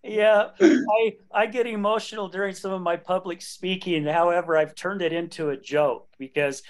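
A man's voice: high-pitched, fairly even intonation, normal speed. A man in his late fifties hosting a podcast, talking candidly and joking, laughing often. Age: late 50s. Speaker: podcast host. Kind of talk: casual conversation.

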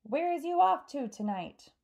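A woman voicing a big, gentle male giant who speaks in mangled, made-up grammar, reading aloud from a storybook. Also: medium pitch, lively intonation, measured pace, gravelly. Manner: gentle, ungrammatical, invents odd words.

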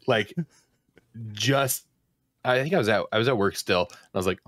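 A man's voice: fairly low pitch, unhurried, a bit bright, dry recording, clean studio sound. A young man co-hosting a podcast in casual chat, laid-back and joking, his talk full of "like". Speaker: podcast co-host.

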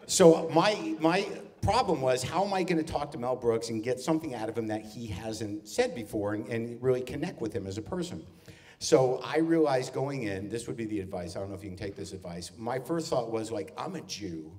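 A man, a comedian, telling a long story on a theater stage in front of a live audience, quickly slipping into voices of the people in it. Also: mid-range voice. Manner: animated, does quick voices of people in his stories. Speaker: guest comedian. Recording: distant stage mic.

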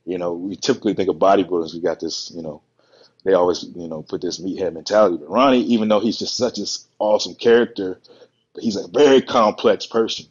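A man who is a bodybuilder and podcast guest, telling stories in a relaxed, rambling way and acting out the quotes. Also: deep voice, quick pace, slightly rough. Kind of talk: casual storytelling on a podcast. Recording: muffled lo-fi podcast audio.

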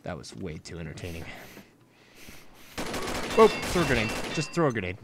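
A man narrating his own gameplay with jokey, self-mocking remarks. His voice is low but swings widely in pitch, with a faint hiss in the background. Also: sing-song, moderate pace. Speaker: let's play host. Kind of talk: gameplay commentary.

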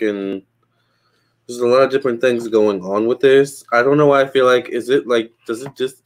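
A man's voice: mid-range voice, a bit bright. A man doing live psychic tarot readings for viewers in a casual chat, hedging and answering questions from the chat. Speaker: livestream psychic tarot reader.

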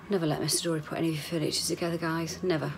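Gravelly woman vlogging. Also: low voice, level tone, quick pace, noisy background. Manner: rambling, candid, swears, whispers asides. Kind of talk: chatty video diary.

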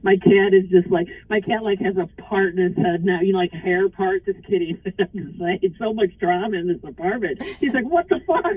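A woman's voice: mid-range voice, steady tone, brisk, hardly any pauses, slightly rough, no echo. A woman calling in to a livestream, talking bluntly and casually, swearing and laughing often. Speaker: caller. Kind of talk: casual phone call on a livestream. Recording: phone line.

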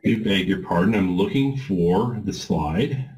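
Man coaching a voice warm-up class. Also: low-pitched, animated, unhurried, a little hiss or hum, rough recording. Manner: encouraging, informal, coaching. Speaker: voice exercise instructor. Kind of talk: leading a group voice warm-up class.

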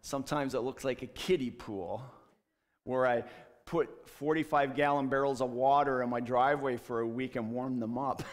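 A man's voice: mid-range voice, steady tone, normal speed. A man earnestly telling a ministry story in church, acting out the dialogue as he goes. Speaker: street ministry leader. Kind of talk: testimony talk in church. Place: church sanctuary. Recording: long church hall reverb.

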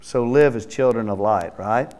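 Emphatic male preacher with a smooth voice. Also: medium pitch, normal speed. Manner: reads scripture aloud with his own name inserted, then comments; emphatic, rising to loud exhortation. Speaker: pastor. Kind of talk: sermon. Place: church sanctuary.

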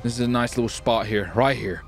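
A man's voice: medium pitch, a little fast, faint music behind. A man streaming a robbery roleplay in a game, panicky and swearing with frequent exclamations. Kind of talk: frantic gameplay roleplay.

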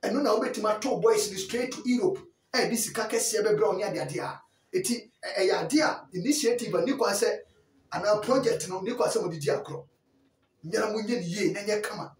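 High-voiced Ghanaian man, echoey far-off mic. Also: fairly quick. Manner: animated, chatty, keeps asking listeners if they follow. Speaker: football news vlogger. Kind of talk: casual sports news chat. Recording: echoey room, voice from a distant mic.

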